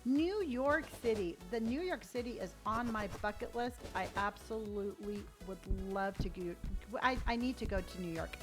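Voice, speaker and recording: A woman's voice: on the high side, normal speed, faint music behind. A woman from Southern California streaming a game live, chatting upbeat and reading out viewers' comments.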